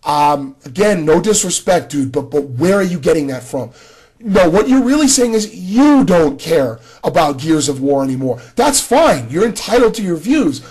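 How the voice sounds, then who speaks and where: A man's voice: a little high, big pitch swings, normal speed, a little mellow, breathy edge. A man giving a casual spoken video response, talking straight to another creator with frequent restarts. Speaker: gaming commentator.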